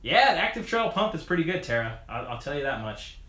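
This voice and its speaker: With a slightly high voice that swings widely in pitch, this man talks quickly in a pushed, bright tone. As a mountain bike video creator on a live stream, he works on his bike and rambles through chat replies, chuckling often and restarting sentences amid many fillers. The room is echoey.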